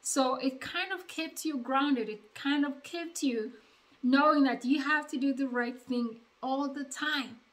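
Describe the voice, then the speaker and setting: A woman's voice: sits high, measured pace, low-quality recording. A woman from Uganda, a mother telling a family story to her viewers in a casual, chatty way and acting out the dialogue. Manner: chatty, animated retelling with quoted dialogue. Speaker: vlogger, mother of two.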